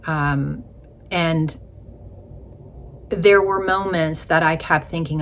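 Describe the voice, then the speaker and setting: A middle-aged woman, a widowhood coach, telling a personal story in a tender, emotional way that often drops to a hushed near-whisper. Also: low voice, steady tone, slow, pauses often.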